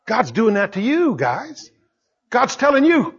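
Male preacher, high and lively voice, punchy repetitions, dull lo-fi recording. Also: a little slow, husky. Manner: emphatic, repeats phrases, swings between soft asides and loud exclamations. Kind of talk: sermon.

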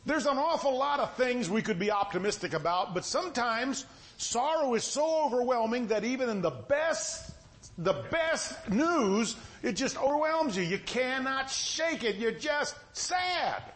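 A middle-aged man preaching a sermon in a folksy, conversational way, with a voice that sounds stern even when he is not angry. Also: very high-pitched, measured pace.

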